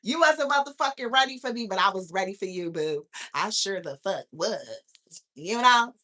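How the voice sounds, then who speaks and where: A woman's voice: mid-range voice, animated, normal speed, pushed and bright. A woman hosting a live stream, ranting in a profane, incredulous way and firing off rhetorical questions. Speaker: host of a live talk stream. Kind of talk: casual live-stream rant.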